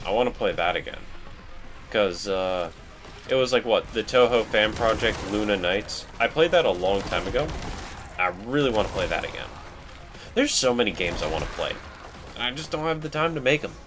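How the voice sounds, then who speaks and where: A man's voice: lowish voice, animated, moderate pace, music in the background. Rambling man giving game commentary. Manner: rambling, self-deprecating. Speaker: let's play host. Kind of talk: casual gameplay commentary.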